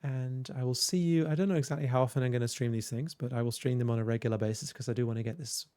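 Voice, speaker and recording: A man's voice: mid-range voice, fairly even intonation, very fast, dark tone, clean tone, dry recording, clean studio sound. A man hosting a casual livestream, chatting to viewers in a rambling, hesitant way with many fillers. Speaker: livestream host. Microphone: desk microphone with headphones.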